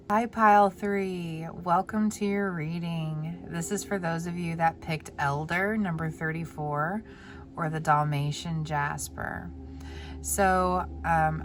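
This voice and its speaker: A woman giving a pick-a-card tarot reading in a gentle, heartfelt way. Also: lowish voice, a little hiss or hum. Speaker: tarot reader.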